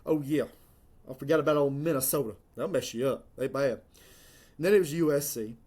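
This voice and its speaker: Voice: mid-range voice, a little fast, darkish tone. A college football commentator, ranting to the camera in a sarcastic, mocking, rambling way. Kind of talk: sports rant to camera.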